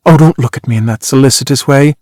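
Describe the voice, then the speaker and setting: A man voicing a worldly former actress, a woman with a brisk, teasing, cutting way of talking, in an audiobook reading. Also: medium pitch, a little mellow, dry recording, studio quality, lightly acted.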